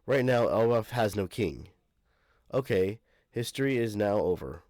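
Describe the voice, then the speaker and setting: A man's voice: lowish voice, lively intonation, unhurried, darkish tone, dry recording. A man casually reading a comic aloud and reacting, often stumbling and correcting himself. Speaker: manga reaction youtuber.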